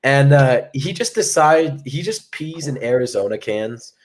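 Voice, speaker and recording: A man's voice: mid-range voice, expressive, a little slow. A young man co-hosting a casual show and telling a long story to a live chat. His talk is rambling and profane, full of fillers and restarts. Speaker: podcast co-host.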